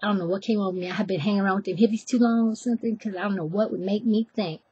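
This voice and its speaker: Husky woman telling a story. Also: medium pitch, very fast, no room sound, dull audio. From Oakland, California. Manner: chatty, animated, acts out voices, self-deprecating asides. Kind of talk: live personal storytelling.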